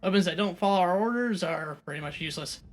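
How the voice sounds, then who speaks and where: A man's voice: high-pitched, fast talker, soft background music. A man co-hosting a game let's play, trading dry teasing banter and reading in-game documents aloud. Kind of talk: casual gaming commentary and reading aloud.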